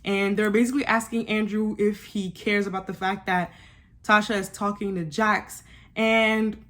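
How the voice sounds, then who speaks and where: A sassy young woman chatting through a reality show recap, animated and quick to laugh at the cast. Her pitch sits in a middle range. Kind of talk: casual recap commentary.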